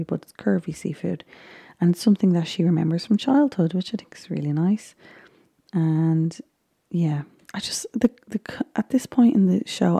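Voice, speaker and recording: A young Irish woman with a low, dark, husky voice and a gravelly edge chats loosely through a recap of a baking show. She rambles, often sinking into a soft whisper. Her voice sounds dry and close. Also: dry recording. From Ireland. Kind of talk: casual chat, often whispered.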